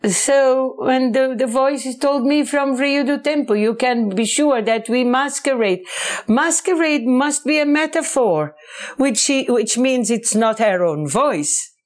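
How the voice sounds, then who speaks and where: A woman with a high voice, a book author, answers interview questions in English. She speaks haltingly, searching for words.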